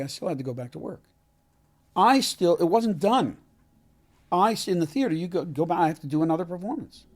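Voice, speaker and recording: A man, an actor being interviewed, telling a heartfelt story in an earnest, halting way with many restarts. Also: sits high, a little mellow. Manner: halting, frequent restarts and self-corrections. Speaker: actor, podcast guest.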